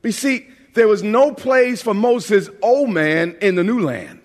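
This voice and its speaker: A pastor from New York preaching a lively, humorous sermon, often repeating words as he builds a point. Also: sits high, measured pace. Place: large church sanctuary. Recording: long hall reverb.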